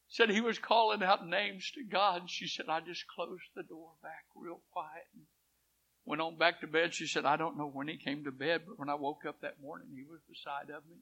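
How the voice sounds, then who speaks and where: A man preaching a sermon. He tells a story and swings from hushed quotes to loud swells. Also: on the high side, fairly even intonation, normal speed, gravelly, slightly rough. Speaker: pastor. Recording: dull lo-fi church recording.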